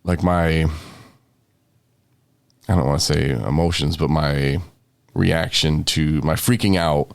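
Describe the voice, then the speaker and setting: A man's voice: very deep voice, takes it slowly, gravelly, long pauses, clear, resonant tone, no echo, clean studio sound. A young man with covid, hosting a casual podcast and rambling in a tired, joking way. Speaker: podcast host.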